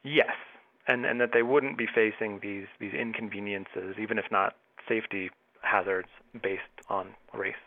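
A male planning researcher answering questions in a measured way, with some fillers, over a phone line. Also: fairly low pitch, steady tone, no echo. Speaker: researcher, assistant professor of planning. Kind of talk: phone interview.

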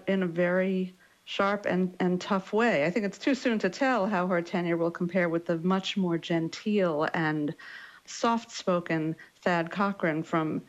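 A woman newspaper correspondent explaining politics in a radio news interview, measured and explanatory with some fillers. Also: lowish voice, muffled recording.

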